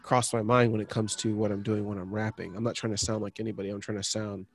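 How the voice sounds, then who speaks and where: A man's voice: on the low side, flat delivery, fast talker. Rambling, cursing man in casual chat. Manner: rambling, swears freely, trails off. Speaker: podcast co-host.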